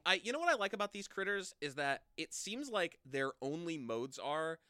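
A man co-hosting a podcast in loose, joking chat. His voice is bright and forceful, and his pitch swings wildly between lines. He laughs often and swears freely, recorded dry and close. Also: big pitch swings, moderate pace, clear, resonant tone, no room sound. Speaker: podcast co-host. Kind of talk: casual comedic chat.

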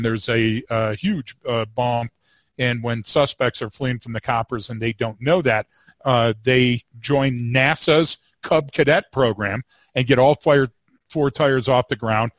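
A man co-hosting a podcast, a former police field training officer telling a story with wry humor and lively delivery. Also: medium pitch, unhurried, no room sound. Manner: animated storyteller, wry humor, repeats words when starting. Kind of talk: casual storytelling chat.

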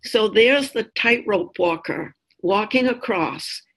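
A woman leading a reflective group discussion, telling stories in a thoughtful, measured way. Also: medium pitch, expressive, breathy edge, low-quality recording. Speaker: discussion leader.

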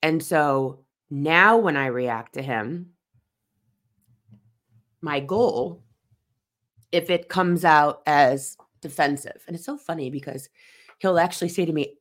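A woman in her forties with a low-pitched voice talks through a personal reflective monologue. She is earnest and emphatic, and she repeats key phrases to press her point home as a host addressing her listeners. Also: slow pace, pauses often. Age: 40s.

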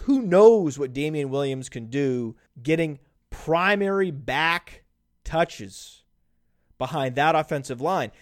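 Guy rattling off stats on a podcast, jokey, kinda high voice, dry close sound. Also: dry recording. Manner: brisk, stats-heavy, jokey. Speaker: podcast host. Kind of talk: casual analytical chat.

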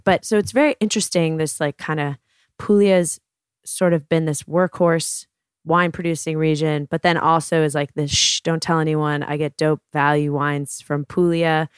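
A woman's voice: deep voice, smooth, dry recording, clean studio sound. A woman hosting a wine podcast, talking casually in a playful, slangy, jokey way. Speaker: podcast host. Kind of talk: casual chat about wine.

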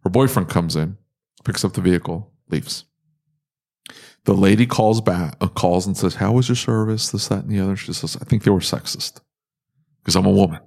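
A man co-hosting a podcast, telling animated stories with blunt jokes and frequent laughs. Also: low voice. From Kansas City area. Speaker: podcast co-host. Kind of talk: casual chat.

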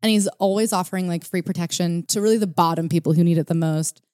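A woman's voice: on the low side, fast talker, darkish tone, no room sound, studio quality. A woman co-hosting a casual podcast chat about a book, retelling stories and reading out quotes with energy. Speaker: podcast co-host.

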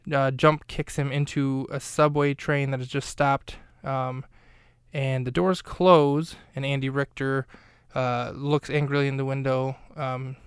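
A podcast host with a mid-range voice and a clear, resonant tone recaps a film scene in a casual, rambling, talkative way, full of fillers and self-corrections. His delivery is flat and measured, and he's close to a studio mic with no echo.

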